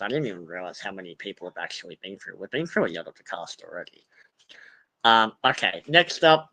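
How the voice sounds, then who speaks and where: Bright-voiced young man rambling on a livestream. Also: medium pitch, low-quality recording. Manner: rambling, swears freely, lots of fillers. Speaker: streamer reading cast bios. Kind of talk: casual livestream chat.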